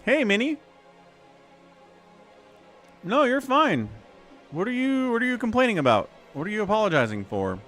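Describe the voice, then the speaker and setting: A man calls a strategy game on a live stream, his pitch swinging up and down a lot as he answers chat and jokes between plays. Faint music plays softly behind him. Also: normal speed, pauses often. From Utah, USA. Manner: chatty and animated, answers chat between play calls, jokey. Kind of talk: live game commentary chatting with viewers.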